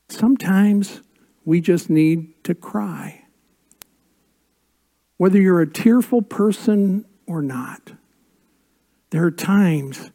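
An older man preaching a sermon as a pastor, with dramatic pauses and drops to a hush on key words. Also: high voice.

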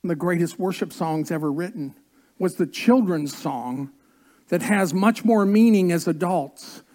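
A man preaching a sermon as pastor, slow and earnest, drawing out key words and coaxing the congregation to join in. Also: high voice, darkish tone.

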